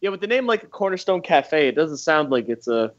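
A man co-hosting a jokey podcast, with a slightly high voice that swings widely in pitch. He laughs easily and throws himself into the banter. The sound is dry and a bit dull and lo-fi. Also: a little fast, no room sound. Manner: lively and laughing, jumps into jokey impressions. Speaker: podcast co-host. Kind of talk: casual comedic podcast chat.

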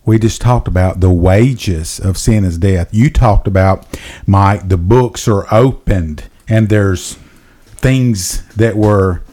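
A male podcast co-host getting animated as he preaches, with direct appeals to the listener. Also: lowish voice. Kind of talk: preaching-style Bible discussion.

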